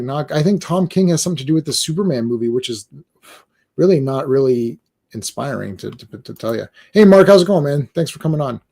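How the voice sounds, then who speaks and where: Male podcast host, casual rambling comics talk, stammers and restarts, mellow tone pitched a touch high. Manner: rambling, stammers and repeats words. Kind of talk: casual chat while reading comics live.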